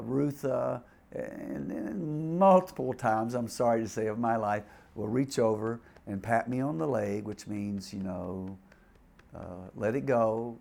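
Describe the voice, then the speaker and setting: Gravelly older man preaching, stammering. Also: medium pitch. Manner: stammering, repeats words, animated. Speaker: preacher telling a mission story. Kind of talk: sermon storytelling.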